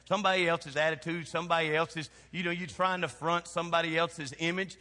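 A Southern-accented man from Kentucky preaches a sermon in a large church sanctuary. His voice sits a little high and rings bright and forceful, dropping to hushed lows and rising to shouted exhortation. A long reverb from the hall trails behind every phrase. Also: fairly even intonation, fairly quick, few pauses. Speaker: pastor.

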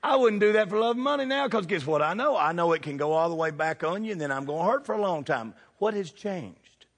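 A middle-aged man preaching a sermon, animated and throwing questions at the congregation. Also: high voice, brisk, in a large hall. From United States.

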